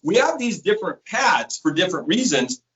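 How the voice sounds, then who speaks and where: High-voiced guy telling a story all animated, slightly muffled sound. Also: normal speed. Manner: animated storyteller acting out quotes. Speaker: sales rep. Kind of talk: storytelling interview chat.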